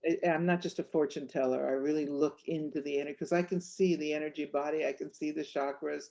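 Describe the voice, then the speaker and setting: A woman author and clairvoyant telling stories in an interview, animated and acting out the voices in her anecdotes. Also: low-pitched, fairly quick, vocal fry. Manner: animated, acts out voices in anecdotes, laughs often. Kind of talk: storytelling interview chat.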